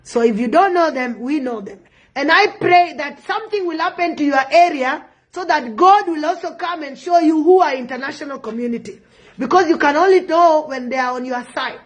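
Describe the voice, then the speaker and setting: Speaking briskly in a high voice with a South Sudanese accent, a South Sudanese woman delivers impassioned political commentary online. She repeats phrases for emphasis.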